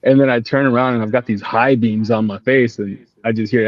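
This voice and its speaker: A man's voice: medium pitch, steady tone, a little fast, lo-fi sound. A man casually telling a funny story from a group climb, laughing as he retells it. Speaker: climb team member.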